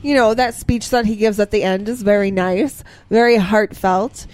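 A woman co-hosting a podcast, hoarse from bronchitis, giving understated and hedging opinions. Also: medium pitch, fairly even intonation, normal speed, a little mellow. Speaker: podcast co-host. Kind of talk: casual movie discussion.

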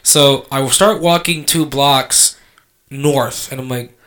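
A man telling a long story in casual chat, animated and profane, acting out the lines he quotes. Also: mid-range voice, slow pace. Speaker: podcast co-host telling a story.

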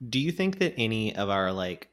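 A low-voiced man guesting on a casual podcast. He jokes his way through the chat and slips into quick mock impressions of the people he's talking about. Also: big pitch swings. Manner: joking, acts out mock quotes.

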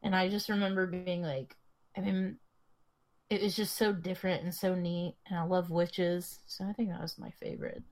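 A woman's voice: lowish voice, little pitch movement, moderate pace, a little mellow. A young woman co-hosting a podcast, telling stories in a rambling way, swearing freely and laughing often. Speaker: podcast co-host. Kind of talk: casual chat.

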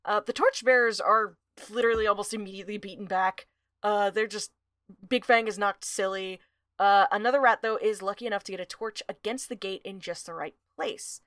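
A woman's voice: mid-range voice, brisk, no echo. Woman podcast co-host, dry close sound, easygoing plot recap with lots of "uh". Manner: relaxed recapping, frequent "uh". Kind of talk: casual book discussion and plot recap.

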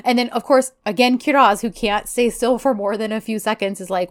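A woman chatting casually as a podcast co-host, recapping a TV episode and acting out the characters' lines. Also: a little high. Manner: animated, acts out characters' lines in quick voices.

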